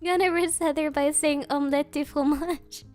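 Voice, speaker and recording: A woman's voice: high-pitched, steady tone, normal speed, faint music behind. A woman streamer chatting casually and playfully with her chat, often breaking into giggles. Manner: giggly, playful, keeps bursting into laughter. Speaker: virtual streamer.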